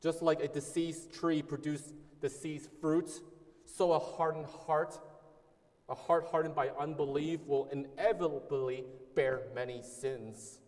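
A man's voice: on the high side, steady tone, measured pace, a little mellow. Earnest male preacher in a reverberant hall. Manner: earnest, emphatic preaching with repetition and restarts. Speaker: pastor. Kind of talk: sermon.

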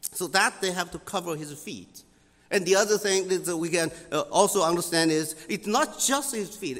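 A man teaching scripture in sermon style, halting with many fillers and repeating key phrases for emphasis. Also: high voice, fairly bright tone, long reverb tail.

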